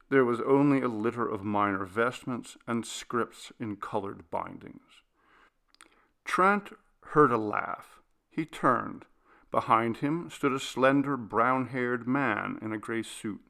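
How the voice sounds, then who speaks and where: Slow, gravelly male narrator. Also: medium pitch, fairly bright tone. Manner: measured, deliberate reading. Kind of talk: scripted audiobook narration.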